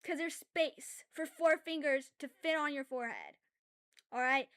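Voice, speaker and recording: A woman with a notably high voice talks to her viewers while she draws on stream. Her tone is casual and conversational, and she rambles easily between comments on her work. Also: unhurried. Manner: loud, animated ranting, then quiet and apologetic; chatty and self-aware, with filler words and laughs. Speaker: drawing streamer. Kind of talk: casual livestream chat while drawing.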